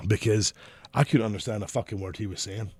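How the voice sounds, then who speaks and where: Sardonic man with a softened Scottish accent. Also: lowish voice, steady tone, fairly quick, slightly rough, no room sound. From Scotland. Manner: profane, joking, sardonic. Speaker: podcast co-host. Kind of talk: casual chat.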